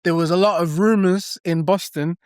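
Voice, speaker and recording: A man from England, co-hosting a podcast in casual chat, talking with quick restarts and frequent laughs. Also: sits high, fairly even intonation, darkish tone, clear, resonant tone, dry recording, studio quality. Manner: chatty, laughs often, many restarts. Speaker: podcast co-host.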